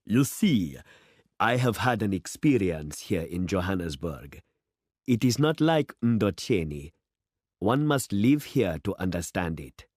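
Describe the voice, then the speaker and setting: A man's voice: low voice, very animated, measured pace, a little mellow, no room sound, full character voice. A man voicing a worldly, boastful middle-aged city man who speechifies with rising fervor, in a dry, close storybook reading. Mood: jovial. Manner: expansive, speechifying, rising to oratory.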